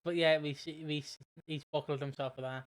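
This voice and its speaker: Chatty man, smooth voice. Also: on the high side, steady tone, a little fast. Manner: swearing, jokey, rambling with fillers. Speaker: podcast co-host. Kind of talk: casual chat.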